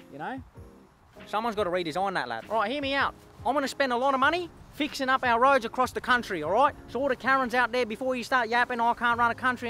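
A man's voice: high-pitched, sharp tone. A man with an Australian accent playing a brash young eshay street lad who became prime minister, talking in cocky, slangy swagger. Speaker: comedy sketch creator. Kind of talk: comedy sketch character.

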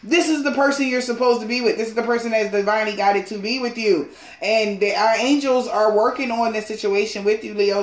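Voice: medium pitch, brisk, fairly bright tone. An emphatic tarot reader in a roomy space. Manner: emphatic and pushy, laughs often, swears casually. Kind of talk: casual tarot reading to viewers.

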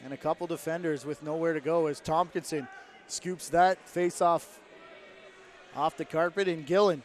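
Energetic male play-by-play caller. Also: on the high side. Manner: rapid play-by-play, rising with the action. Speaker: play-by-play commentator. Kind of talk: sports commentary.

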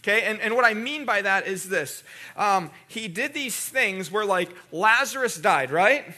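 A pastor preaches to his congregation in a church, talking in a loose, conversational way and restarting his words as he goes. His voice sits very high and bright for a man. He keeps asking the room to repeat after him and answer back. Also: animated, unhurried. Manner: calls on the congregation to respond. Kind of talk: sermon. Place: church sanctuary.

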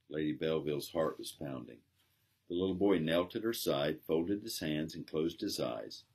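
A man, a pastor, gently reading a children's story aloud. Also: extremely low pitch, lively intonation, normal speed, breathy edge. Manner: gentle storytelling, plainly voicing characters.

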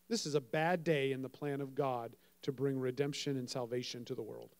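A man preaching a sermon, telling a story with dramatic swings between loud and soft and acting out the voices he quotes. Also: medium pitch, steady tone, normal speed, few pauses. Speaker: pastor.

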